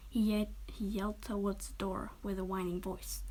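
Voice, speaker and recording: Soft half-whispering woman reading a story. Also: mid-range voice, little pitch movement, moderate pace, few pauses, low-quality recording. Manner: half-whispered, gentle, with small restarts.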